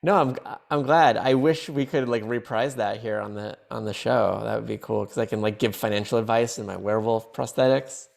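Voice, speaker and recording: A man's voice: mid-range voice, brisk, gravelly, hardly any pauses. A male comedian, a guest on a podcast, talking in a playful, rambling way and laughing often. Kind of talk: casual podcast chat.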